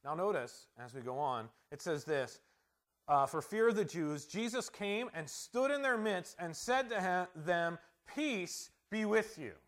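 A middle-aged male pastor preaching a conversational sermon, asking rhetorical questions and swinging between loud emphasis and quiet asides. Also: high-pitched, expressive, moderate pace.

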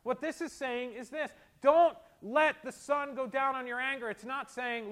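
Middle-aged male pastor, high voice, conversational sermon with punchy exhortations. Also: fairly even intonation, unhurried, few pauses. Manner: conversational preaching, swinging between quiet asides and forceful exhortations.

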